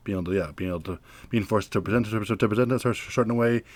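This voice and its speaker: A young man co-hosting a casual film review podcast, talking haltingly with many stammers and repeated words. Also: on the low side. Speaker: podcast co-host.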